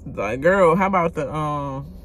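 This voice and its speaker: A woman's voice: deep voice, measured pace, slight background noise. A woman giving a blunt, casual rant about a reality show, talking straight to her viewers and swearing freely. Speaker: reality TV commentator.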